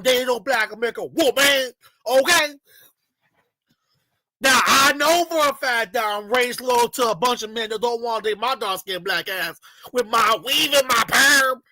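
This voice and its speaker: Loud sarcastic woman ranting. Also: fairly high pitch, no room sound, poor audio. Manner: loud and sarcastic, repeating "okay?" often. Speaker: live-stream participant. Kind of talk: heated rant on a live stream.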